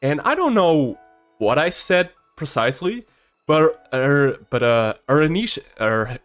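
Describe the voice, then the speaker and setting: A man's voice: fairly high pitch, unhurried, soft background music. A man in his early twenties, a streamer casually telling a story, shy and prone to stammering. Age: early 20s. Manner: shy and stammering, with a swinging, lively delivery.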